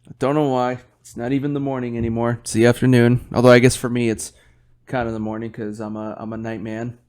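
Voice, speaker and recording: A man's voice: mid-range voice, little pitch movement, fast, darkish tone. Rambling, cursing male podcast host. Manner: rambling, swears often, yawning. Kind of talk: casual solo chat while drinking beer.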